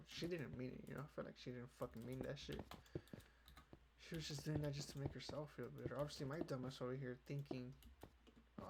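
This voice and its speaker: A young man hosting a casual podcast, rambling and swearing, with "you know" in nearly every line. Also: mid-range voice. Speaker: podcast host. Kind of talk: casual chat. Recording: keyboard clicks and noise behind.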